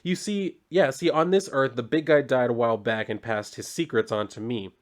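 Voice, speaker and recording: A man's voice: mid-range voice, normal speed, close to an everyday voice. A man voicing a chatty, oddball male cosmic watcher who rambles in a loose, slangy way.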